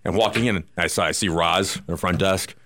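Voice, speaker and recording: A man's voice: deep voice, brisk, sharp tone. A man co-hosting a radio talk show, telling a long story with lots of restarts and acted-out asides in a casual studio chat.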